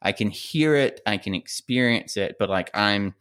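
A man co-hosting a podcast, telling a long, rambling story in casual chat with lots of fillers and shouted quotes. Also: moderate pace, smooth. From rural America. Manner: rambling, animated, acts out quotes in a high yell. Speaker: podcast co-host.

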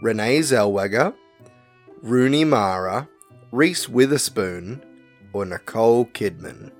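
A man's voice: mid-range voice, animated, faint music behind. A man co-hosting a casual podcast, reading quiz questions and answer options aloud with chatty asides. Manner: reads options slowly and deliberately, chatty asides. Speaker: podcast co-host and quizmaster.

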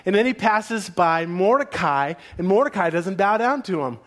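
A male pastor preaching to his church with a notably high voice. He retells the story with lively, dramatic storytelling, leaning into the drama of each scene. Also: moderate pace. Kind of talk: sermon storytelling.

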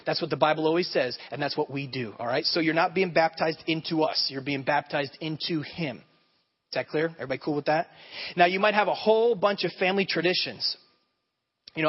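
Guy preaching, chatty, keeps asking okay?, slightly high voice, dull muffled church sound. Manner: conversational, repeatedly checks in with "okay?". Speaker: pastor. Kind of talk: sermon. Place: church sanctuary. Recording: dull sound with long hall reverb.

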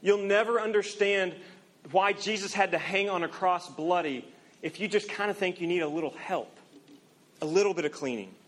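A young man preaching a sermon to students, earnest, swinging from loud emphasis to near-quiet confession. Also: sits high, normal speed. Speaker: campus minister.

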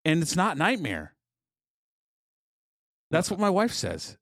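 A man's voice: sits high, huge pitch swings, normal speed, fairly bright tone, no room sound, clean studio sound. A man in his forties co-hosting a podcast, chatting casually and teasing his co-host, often laughing as he tells stories. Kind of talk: casual chat.

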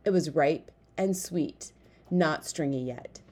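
A woman narrating an audiobook, reading the story in a lively way and switching voices for each character. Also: deep voice, takes it slowly.

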